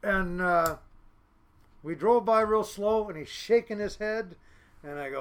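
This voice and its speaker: A man from Seattle, a fishing boat captain, telling casual podcast stories in a lively way, full of fillers and laughs. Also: high-pitched, unhurried. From Seattle, United States. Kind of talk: casual storytelling.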